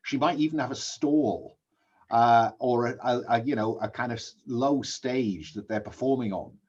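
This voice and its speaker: A husky-voiced man running a tabletop role-playing game, pausing often as he asks each player what they do. The recording is dull and lo-fi, like an online call. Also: mid-range voice, darkish tone. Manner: hesitant, asks players questions. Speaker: game master.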